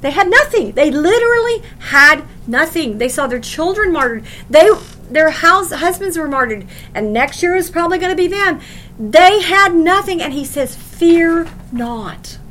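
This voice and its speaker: A woman delivers a sermon-style Bible lesson in a high voice. She reads scripture aloud and hammers her points with repetition, slipping into chatty asides with fillers. A faint background noise sits under the recording. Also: expressive, moderate pace, pushed and bright. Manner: emphatic, repeats phrases for stress, reads scripture aloud. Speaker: bible teacher.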